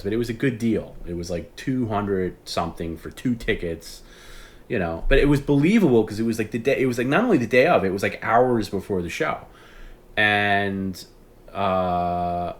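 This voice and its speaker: A man hosting a livestream, telling a rambling story in casual chat, acting out phone calls and swearing often. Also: on the low side. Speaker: podcast host.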